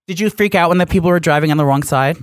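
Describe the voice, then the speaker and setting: A man's voice: a little high, racing, smooth, dry recording. A man co-hosting a podcast from a studio, chatting in a campy, teasing, mock-pompous way. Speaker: podcast co-host. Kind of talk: casual chat.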